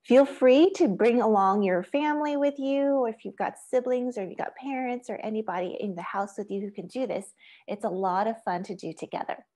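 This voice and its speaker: A woman's voice: fairly high pitch, a little fast, warm tone. A woman teaching an online music lesson, giving patient step-by-step instructions and chanting rhythm syllables and counts. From Asia.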